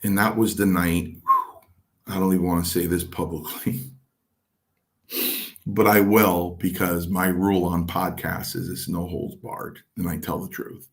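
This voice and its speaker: A man's voice: low voice, a little slow. An older man, a former pro wrestler, telling stories in an interview and animatedly acting out what others said. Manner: animated anecdote-telling, voicing others in quotes. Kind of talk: storytelling in an interview.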